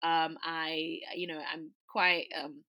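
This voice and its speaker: Young woman, twenties, bright and forceful tone, chatty storyteller who fills with "like" and "you know". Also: low-pitched, level tone, slow. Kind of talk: casual storytelling chat.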